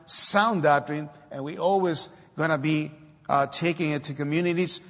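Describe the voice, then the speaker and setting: A man's voice: on the high side, gravelly, breathy edge. A man preaching a sermon in a church, hesitant with many fillers but breaking into emphatic exhortations. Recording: long hall reverb.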